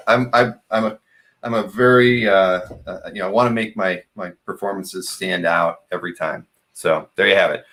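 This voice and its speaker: A middle-aged man hosts a live sales show in a fairly low voice. He jokes at his own expense and stumbles through plenty of fillers. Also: fairly bright tone. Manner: joking, self-mocking, halting with many fillers. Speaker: host.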